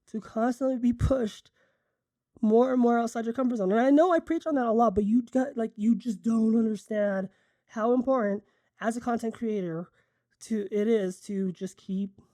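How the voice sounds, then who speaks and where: Mellow-voiced woman rambling eagerly. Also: fairly high pitch, no echo, studio quality. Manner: rambling, enthusiastic, self-correcting; drinking coffee while talking. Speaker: photographer and content creator. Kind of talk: casual vlog chat.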